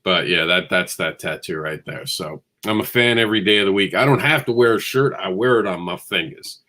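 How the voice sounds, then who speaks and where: A man's voice: low voice, fairly quick, pushed and bright. A man hosting a comics news show, rambling and enthusiastic with a self-deprecating streak. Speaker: host.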